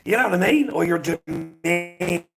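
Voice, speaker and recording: A man's voice: high-pitched, a little slow, gravelly, slightly rough, soft background music. An Australian man with an Australian accent, ranting aggressively and profanely at his live-stream chat.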